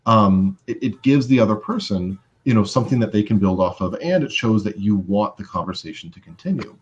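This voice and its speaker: A man's voice: lowish voice, animated, brisk, lo-fi sound. A man teaching social skills in a live webinar, casual and conversational with many fillers.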